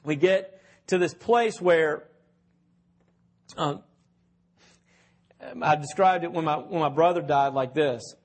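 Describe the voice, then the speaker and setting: A man's voice: fairly high pitch, takes it slowly, pauses often. A man preaching a sermon in a conversational way, asking his listeners questions and telling stories. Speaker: pastor.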